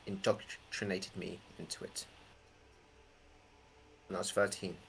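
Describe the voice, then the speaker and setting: A man playing a young man who speaks bluntly and gravely as he reveals a betrayal in a tabletop role-play. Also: low voice, level tone, a little slow, slight background noise, poor audio. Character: young man confessing a dark secret, grave.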